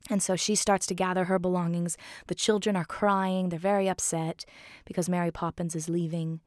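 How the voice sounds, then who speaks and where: A woman's voice: on the low side, darkish tone, no echo, clean studio sound. A woman casually recapping a film, chatty and heartfelt, with lots of filler words.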